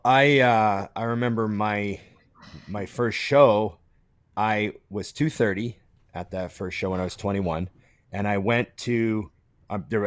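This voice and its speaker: A middle-aged man with a fairly low voice, recorded close and dry with no room sound. He chats casually as a podcast co-host and tells stories, animatedly acting out what he thought back then. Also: no echo. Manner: animated storyteller acting out his own past thoughts. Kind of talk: casual chat.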